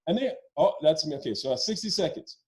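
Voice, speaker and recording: Animated man telling a profane story. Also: fairly high pitch, fast talker, low-quality recording. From Quebec, Canada. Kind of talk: personal storytelling at a story slam. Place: virtual event.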